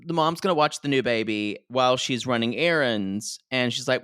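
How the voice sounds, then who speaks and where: A man's voice: medium pitch, steady tone, a little slow, fairly bright tone, smooth, dry recording, studio quality. A man co-hosting a podcast, recapping reality TV in casual, gossipy chat and laughing often. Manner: gossipy, laughs often, mimics cast members in quotes. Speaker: podcast co-host.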